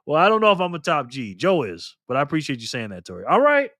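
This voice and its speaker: A man's voice: on the high side, huge pitch swings, fast, fairly bright tone, no echo. A man hosting a casual livestream, chatting and laughing as he reads viewer comments aloud. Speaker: livestream host.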